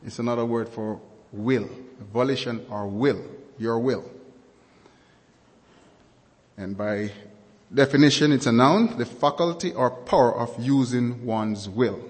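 A male preacher delivers a sermon at a measured, deliberate pace, leaning on key words and repeating them for weight. His voice sits at an ordinary middle pitch for a man. A long reverb trails each phrase, as if he is in a large hall.

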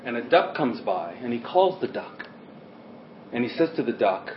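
A man's voice: mid-range voice, sing-song, moderate pace, a little hiss or hum. Emphatic male preacher in a roomy hall. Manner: emphatic, swings between loud stresses and quiet asides. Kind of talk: sermon. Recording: roomy, dull lo-fi sermon recording.

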